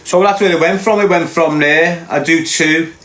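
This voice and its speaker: A man's voice: on the high side, steady tone, normal speed, fairly bright tone, reverberant. A man with a Liverpool accent telling a heated, insistent story as a podcast host. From Liverpool, England. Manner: ranting, fired-up, insistent.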